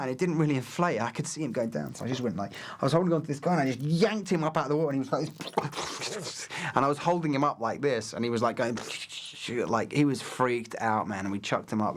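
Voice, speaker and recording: A stunt double in a documentary interview, telling a story about a near-accident in a casual, slangy way. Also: male voice, mid-range voice. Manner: laid-back, slangy, says "man" and "like".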